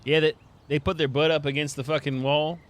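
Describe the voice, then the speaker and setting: A man's voice: a little high, flat delivery, brisk. A man playing a tabletop role-playing game, crude and joking. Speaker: player. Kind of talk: casual tabletop play.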